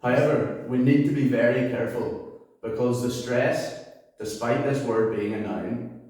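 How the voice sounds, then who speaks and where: A man teaching English, calmly and patiently explaining words step by step. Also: medium pitch, unhurried. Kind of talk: explaining vocabulary. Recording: echoey room, mic at a distance.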